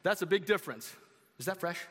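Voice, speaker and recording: A man's voice: sits high, expressive, fast talker, fairly bright tone, in a large hall, a little hiss or hum. A man preaching a sermon to his congregation in a conversational way, with asides to the audience. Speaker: pastor. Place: church sanctuary.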